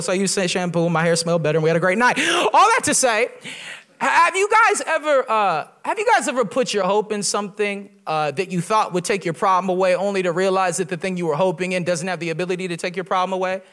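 A young adult man preaching as a guest pastor, with lively storytelling and quoted voices, in a humorous sermon in a church. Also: high voice, fast talker.

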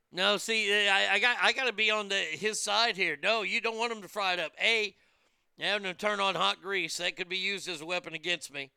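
A man's voice: high-pitched, fairly even intonation, a little fast, gravelly, pushed and bright, clear, resonant tone, no echo, studio quality. A man hosting a crude comedic news commentary, brash and profane, mocking the stories he reads. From United States.

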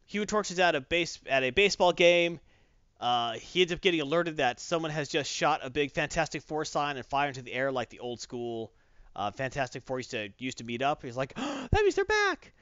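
A man's voice: mid-range voice, a little fast, smooth, dry recording. A man hosting a podcast, recapping a comic book casually with lots of fillers. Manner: animated storyteller, many fillers. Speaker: podcast host. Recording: dull, dry lo-fi recording.

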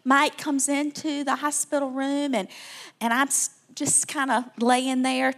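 A woman's voice: high-pitched, little pitch movement, a little slow. A woman in her fifties with a South Alabama accent, telling personal stories to a church crowd in a chatty way. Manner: warm, chatty, with frequent restarts. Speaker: guest speaker.

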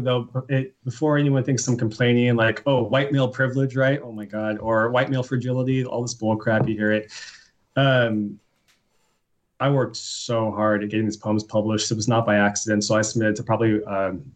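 A man's voice: on the low side, fairly even intonation, moderate pace. A man, a poet appearing as a guest, talking bluntly and wryly in casual conversation and reading his own poems aloud. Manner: blunt, opinionated, wry.

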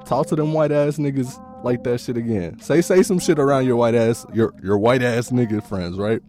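Male podcast host, casual comedic rant, animated and profane, mid-pitched voice, clear music behind. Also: moderate pace. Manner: animated, profane, laughing storytelling.

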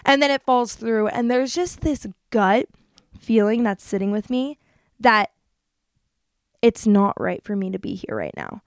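At a measured pace and fairly high pitch, a young woman from New Jersey talks casually and candidly about her life as a podcast host. It's a chatty confessional monologue brightened by quoted voices, recorded at studio quality with no room sound.

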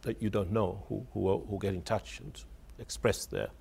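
A lowish, creaky voice, a little mellow and slightly rough, belongs to an author speaking on radio at normal speed. He recounts a story reflectively and hesitantly, repeating words in search of phrasing and laughing wryly.

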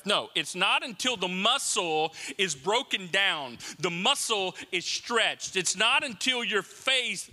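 A man preaching a sermon as pastor, conversational and animated, acting out little asides. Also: high-pitched, takes it slowly, few pauses, big-room sound.

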